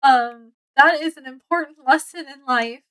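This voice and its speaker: A woman's voice: high-pitched, normal speed, poor audio. A woman casually reviewing a book, retelling its plot in a rambling way with many ums and self-corrections. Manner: acts out characters' lines with excitement.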